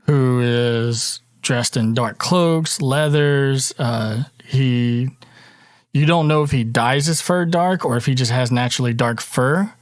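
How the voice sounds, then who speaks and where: Relaxed man running a tabletop game. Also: mid-range voice, slow, dry recording, clean studio sound. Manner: relaxed narration with fillers. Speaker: dungeon master.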